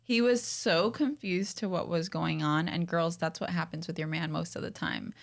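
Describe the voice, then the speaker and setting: A woman talking as a podcast guest in a casual, quick chat full of "like". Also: on the low side, steady tone, creaky. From Colombian family. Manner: quick, chatty, peppered with "like".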